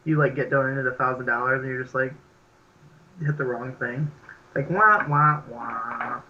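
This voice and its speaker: A man's voice: medium pitch, flat delivery, normal speed, muffled recording, slight background noise. A young man co-hosting a podcast in casual chat, rambling and laughing with lots of filler words. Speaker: podcast co-host.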